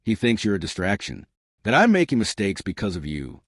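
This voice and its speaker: A man reading as a calm, guarded crime boss. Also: lowish voice, a little fast, dry recording, studio quality. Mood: firm. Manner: quiet, steady, restrained.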